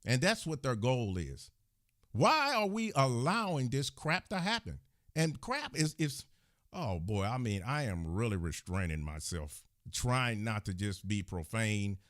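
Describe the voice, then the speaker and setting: A man's voice: medium pitch, very animated, measured pace, fairly bright tone, no room sound, studio quality. A man hosting his own channel, delivering a heated, indignant commentary rant and scolding his viewers as he talks. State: agitated. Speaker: channel host. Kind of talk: angry commentary rant to the camera.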